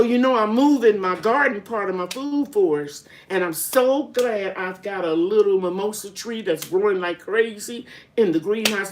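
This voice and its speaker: A gardening channel host, an older woman, answers questions on a live stream in a medium-pitched, slightly mellow voice. She's chatty and folksy, greeting viewers by name as she rambles along.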